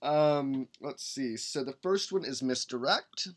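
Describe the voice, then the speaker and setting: A man in casual live-stream chat, upbeat and rambling, with a voice of ordinary middle pitch. He reads rules text aloud between quick asides and hums under his breath while searching. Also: a little hiss or hum. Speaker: podcast host building a game character.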